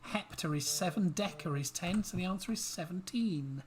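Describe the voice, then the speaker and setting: A man's voice: sits high, normal speed, slight background noise. A man hosting a casual online quiz night, reading questions aloud and teasing his co-host between them. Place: home livestream.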